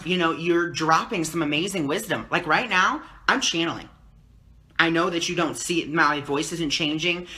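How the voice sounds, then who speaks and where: A man talking calmly and teacherly on a live stream as a spiritual teacher, answering viewer comments and often checking in with "okay?". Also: on the high side. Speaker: spiritual teacher and card reader.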